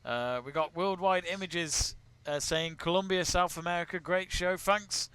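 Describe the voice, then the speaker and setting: A man from England runs a live golf watch-along, greeting viewers by name and reading out their comments between shots. His voice is bright and crisp, and sits a little higher than most men's. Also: measured pace, no echo. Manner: chatty, greets viewers and reads out their messages. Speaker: watch-along stream host.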